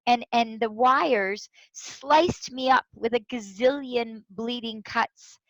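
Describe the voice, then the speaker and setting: Woman guest speaker, fairly high voice, animated storytelling, dry dull lo-fi sound. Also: slow pace, no echo. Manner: animated, tells stories with quoted voices. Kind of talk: storytelling interview.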